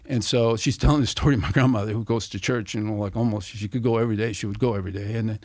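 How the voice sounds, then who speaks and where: A middle-aged man telling stories as a podcast guest, animated and swearing freely as he acts out what people said. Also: fairly low pitch, rapid-fire, no echo, clean studio sound. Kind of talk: casual storytelling.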